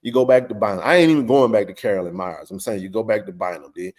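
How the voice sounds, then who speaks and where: A man's voice: fairly low pitch, fast talker, a little mellow. A middle-aged man hosting a live sports stream, talking with passionate, blunt, emphatic energy and plenty of slang.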